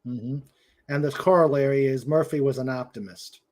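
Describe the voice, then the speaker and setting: A man's voice: mid-range voice, a little mellow. A man with a New England accent hosting a casual web show, telling jokes and laughing often. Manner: joking, unhurried, laughs often. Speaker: host.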